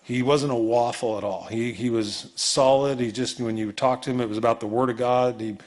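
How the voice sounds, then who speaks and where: A man's voice: mid-range voice, fairly even intonation, moderate pace. A man, a pastor, preaching a Bible study in a loose, conversational way, acting out quoted voices. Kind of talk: sermon.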